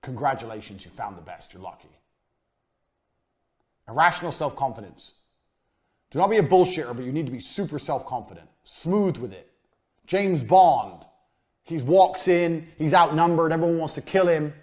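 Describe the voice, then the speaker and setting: A man giving a recorded business lesson, blunt and emphatic, swearing freely, his voice often trailing off quieter at the ends of lines. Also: fairly high pitch, expressive, moderate pace, long pauses. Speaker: business coach.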